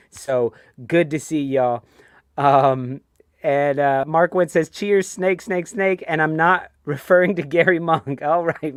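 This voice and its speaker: Brief: New York man, stream host, slightly high voice, dry close sound, rambling and chatty. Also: dry recording. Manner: chatty, ranting, reads viewer comments aloud. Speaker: host of a fan show. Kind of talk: casual live-stream chat.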